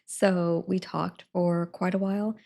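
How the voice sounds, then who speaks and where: Giggly woman with a gravelly voice. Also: on the low side, level tone, a little slow, mellow. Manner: giggly and rambling, laughs often. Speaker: live streamer. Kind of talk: casual chat to viewers. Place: at her desk at home.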